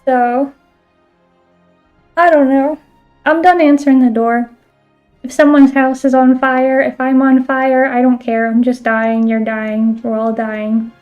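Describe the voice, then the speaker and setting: A woman's voice: high-pitched, little pitch movement, takes it slowly, faint music behind. Girl streaming a game, chatty, says like a lot, kinda muffled audio. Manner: chatty, fills talk with "like", swears casually. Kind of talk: casual chat while playing a game.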